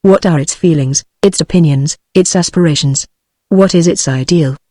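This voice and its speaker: Earnest bookish older lady, synthetic British woman reading, measured, dry sound. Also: low-pitched, dry recording. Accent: British English. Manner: even, measured synthetic delivery.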